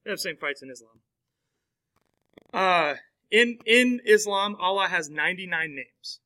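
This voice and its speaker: A man lecturing in a classroom with a very bright, forward voice pitched a little high. He talks in a loose, conversational way, with lots of fillers and check-ins with his students. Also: animated, measured pace, poor audio. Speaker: teacher.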